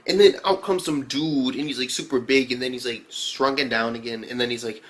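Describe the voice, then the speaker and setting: A man talks through an anime episode in a loose, casual review vlog. His delivery is slangy and full of swearing, and he keeps the energy excitable from start to finish. His pitch sits in a middle range for a man. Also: a little fast, few pauses.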